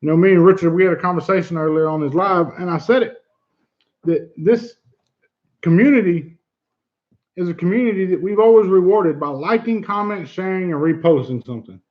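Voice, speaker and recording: A man's voice: high-pitched, brisk, highs cut off. A man hosting a casual livestream chat, earnest and blunt, who swears easily and repeats himself for emphasis. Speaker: livestream host.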